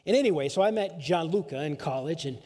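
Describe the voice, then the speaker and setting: A man's voice: on the high side, lively intonation, quick pace, darkish tone. A male pastor telling a personal story in a sermon, casual and rambling, full of filler phrases. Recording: long hall reverb.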